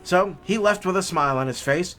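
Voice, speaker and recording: A man's voice: sits high, a little fast, faint music behind. A man telling a heartwarming story in a casual, folksy way as the host of a hiking video. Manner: folksy, repeats words, animated telling.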